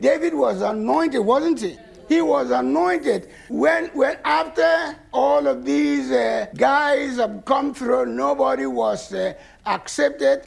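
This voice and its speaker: A man in his sixties preaching a sermon with emphatic shouted bursts and laughing asides. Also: very high voice, creaky, slightly rough.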